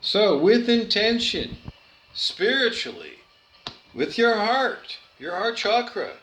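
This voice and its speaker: A man's voice: sits high, big pitch swings, slow pace, a bit bright, faint music behind. A man giving an earnest spiritual monologue, repeating his phrases and stumbling over his words. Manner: earnest, repetitive, with stumbles and restarts.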